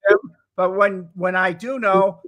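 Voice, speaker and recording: High-voiced man hosting a chat. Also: steady tone, unhurried, fairly bright tone, no echo. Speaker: podcast host. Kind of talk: casual interview chat.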